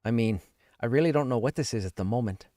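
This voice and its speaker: A man's voice: mid-range voice, quick pace, dark tone, no echo, studio quality, natural voice. A man putting on a shaky, hesitant attempt at a Scottish-sounding voice. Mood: uncertain. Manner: hesitant, rambling, unsure.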